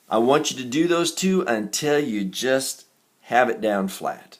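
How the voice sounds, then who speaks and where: A male music teacher talks a class through note values at an unhurried, measured pace. His voice sits at a middle pitch, and he explains things plainly and patiently. A faint instrument can be heard in the background. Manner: patient, counts beats aloud in a raised chant; steady and explanatory, with small self-corrections. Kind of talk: recorded music reading lesson.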